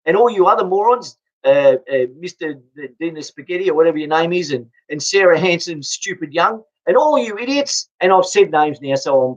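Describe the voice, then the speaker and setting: An Australian man delivering an angry, blunt political rant, swearing and stumbling over repeated restarts. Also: a little high. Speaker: political vlogger. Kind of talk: angry ranting monologue. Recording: dull lo-fi recording.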